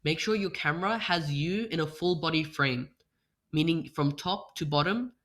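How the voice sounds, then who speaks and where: On a computer microphone with no webcam, a young man presents a workshop over an online call. His fairly high, fairly bright voice moves at a normal speed as he explains speech practice through rhetorical questions and demonstrates vocal changes.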